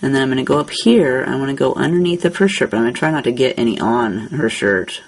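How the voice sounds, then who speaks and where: A woman hosting a craft tutorial, calmly narrating each coloring step as she works. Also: very deep voice, fast, poor audio.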